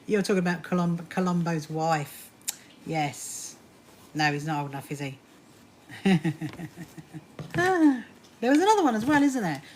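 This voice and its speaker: A woman's voice: on the low side, sing-song, unhurried, pauses often, darkish tone, a little hiss or hum. A woman hosting a casual sewing live stream from home, chatting with viewers and laughing often.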